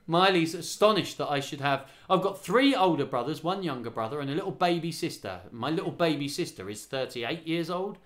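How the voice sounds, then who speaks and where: A man's voice: on the high side, expressive, brisk, few pauses. A man in his forties leading a livestreamed children's singing rehearsal, singing lines and counting the children in with chatty encouragement. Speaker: children's choir leader. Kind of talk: live online singing rehearsal. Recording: home livestream with guitar. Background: acoustic guitar he plays.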